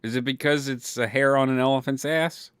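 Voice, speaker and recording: A man's voice: mid-range voice, fairly even intonation, brisk, fairly bright tone, clean tone, no echo. A man from California with a Californian accent, hosting a casual chat and answering viewers, rambling with many fillers and swearing freely. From California, Ventura County. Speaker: livestream host reading chat.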